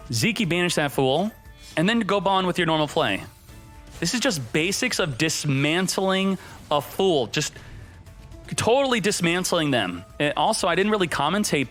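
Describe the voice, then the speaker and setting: A hyped-up man calls his card game play by play, joking and talking to himself as he goes. His voice sits a little high for a man. Faint game music plays under him. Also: a bit bright. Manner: hyped, jokey, talks to himself while playing. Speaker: gaming streamer. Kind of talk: excited gameplay commentary.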